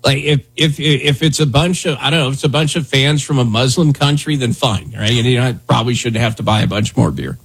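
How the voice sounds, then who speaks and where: A man's voice: medium pitch, fairly quick, vocal fry, hardly any pauses, breathy edge. A man hosting a talk show, chatting loosely and rambling with lots of "dude" and "man". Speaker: radio show host. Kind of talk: casual talk radio banter.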